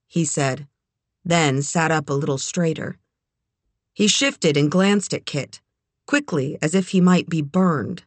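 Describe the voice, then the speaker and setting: A woman narrating a novel as an audiobook reader, in a measured, even way. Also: low voice, dry recording. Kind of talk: scripted narration.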